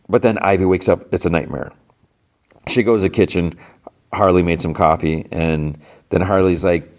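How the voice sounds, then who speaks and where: A man's voice: low voice, steady tone, normal speed, darkish tone. A man hosting a podcast, recapping TV episodes in a loose, rambling way, full of "like" and "you know" and restarting his sentences. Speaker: podcast host.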